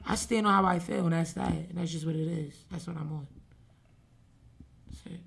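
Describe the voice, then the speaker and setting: A woman's voice: lowish voice, steady tone, moderate pace, creaky, husky. A woman from Harlem, a podcast guest, talking back defiantly in a heated argument. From Harlem, New York. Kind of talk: heated casual podcast banter.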